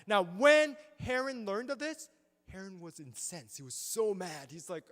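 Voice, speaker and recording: Guy with a high voice giving a lively history talk, lots of "right?", big church hall echo. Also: moderate pace. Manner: animated storytelling, acts out quotes, frequent "right?". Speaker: symposium lecturer. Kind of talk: history lecture. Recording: long reverb of a church hall.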